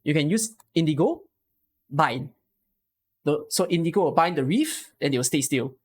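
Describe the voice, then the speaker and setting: Lively man coaching a game. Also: fairly high pitch, normal speed, breathy edge. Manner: explains patiently with many rhetorical questions. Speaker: streamer coaching a viewer.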